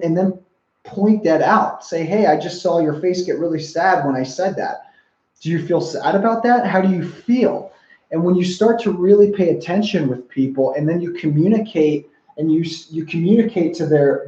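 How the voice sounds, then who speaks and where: Young guy coaching on relationships, earnest, keeps repeating himself, kinda high voice, echoey dull recording. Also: dark tone. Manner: earnest, repetitive, asks the viewer questions. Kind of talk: whiteboard-style teaching talk.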